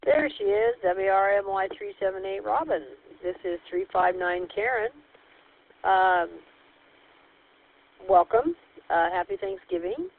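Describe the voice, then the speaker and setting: A woman acting as net control on a ham radio net, working through check-ins by call sign in a steady, procedural way. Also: mid-range voice, unhurried, long pauses. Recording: tinny radio transmission.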